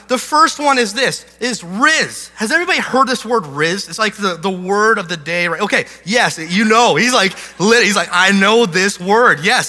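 A man in his thirties, a pastor telling a funny family story in a sermon, self-deprecating and animated. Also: high-pitched. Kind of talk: sermon illustration with humor. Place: large church hall. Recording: hall reverb with faint music.

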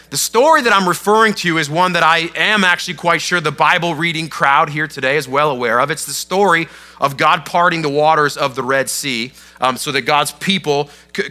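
A man preaching to his congregation in a conversational, animated storytelling way, with casual asides. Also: fairly high pitch. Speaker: pastor. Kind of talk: sermon.

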